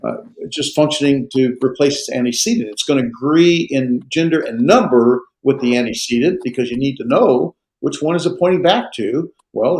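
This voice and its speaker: A man's voice: medium pitch, a little mellow, reverberant, low-quality recording. A man teaching a Greek grammar class, explaining with frequent fillers and restarts. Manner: hesitant, many fillers and restarts. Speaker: Greek instructor. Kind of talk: classroom lecture with questions.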